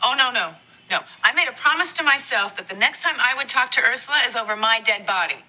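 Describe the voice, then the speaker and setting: An actress playing a quirky, offbeat young woman with a sweetly dark sense of humor, talking in a dreamy, deadpan way. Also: on the high side, quick pace, natural voice. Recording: loud clicky noise on a played clip.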